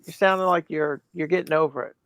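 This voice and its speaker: Podcast guy with a high, gravelly voice, keeps asking follow-up questions, dry sound. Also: steady tone, fast talker, a bit bright, dry recording. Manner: asks friendly follow-up questions. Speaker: podcast co-host. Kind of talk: casual chat.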